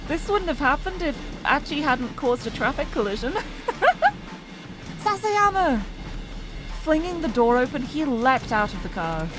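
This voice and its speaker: A woman streamer reading a story game aloud, narrating expressively and breaking off to laugh and comment. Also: on the high side.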